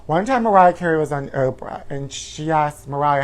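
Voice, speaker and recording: A man hosting a live-stream chat show, campy and flamboyant, calling viewers honey and letting out shrill woos. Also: moderate pace. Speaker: host.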